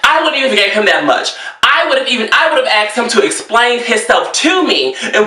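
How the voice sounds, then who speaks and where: A man's voice: very high-pitched, a little fast. A man, a fashion designer, ranting sassily and theatrically about the emails he receives. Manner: theatrical, sassy, exasperated, animated delivery. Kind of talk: sassy comedic rant. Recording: roomy echo, mic at a distance.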